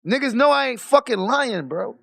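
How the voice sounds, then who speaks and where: High gravelly man ranting profanely. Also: normal speed, no room sound, studio quality. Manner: profane, animated storytelling with frequent laughs. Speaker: streamer. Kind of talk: casual rant.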